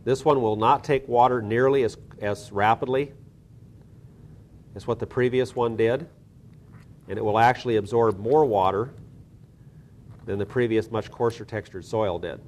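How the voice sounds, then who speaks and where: A man's voice: medium pitch, moderate pace, long pauses, darkish tone. A man teaching soil science, talking methodically through a hands-on lab demonstration with small restarts.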